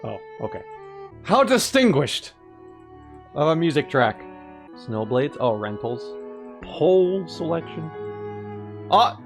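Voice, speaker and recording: A man casually commenting on a video game as he plays, joking and animated, often laughing. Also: on the high side, a little slow, pauses often. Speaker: gaming channel host. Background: faint game music.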